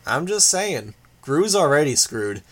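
A man's voice: a little high, very animated, unhurried, fairly bright tone, heavily acted. A man reading an audiobook, voicing a crude, snide teenage boy.

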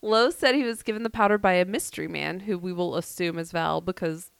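A woman's voice: on the low side, fairly quick, creaky, smooth, no echo. A woman, co-hosting a podcast and telling a wild story in a jokey, laughing way. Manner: laughing, jokey retelling with quoted voices. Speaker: podcast co-host. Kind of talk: casual storytelling chat.

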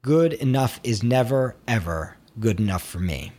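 A man's voice: mid-range voice, animated, normal speed, a little mellow. A man teaching screenwriting, talking expressively and acting out an inner critic's voice now and then. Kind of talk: instructional talk to camera.

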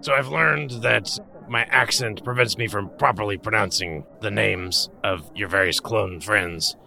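A man's voice: on the low side, a little slow, vocal fry, bright, forceful tone. A man playing a character in a tabletop role-playing game, with polite, wry in-character narration. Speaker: player.

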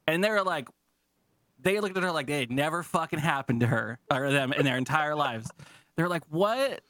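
A man hosting a podcast, telling profane, animated stories in casual chat and acting out what people said. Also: fairly high pitch, brisk, dry recording, clean studio sound. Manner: profane, animated, acts out quotes. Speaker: podcast host.

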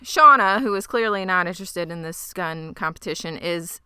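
A woman's voice: fairly low pitch, moderate pace, clean tone, no echo. Snarky woman recapping, dry close sound. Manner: snarky, animated retelling. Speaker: podcast co-host. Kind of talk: casual recap chat.

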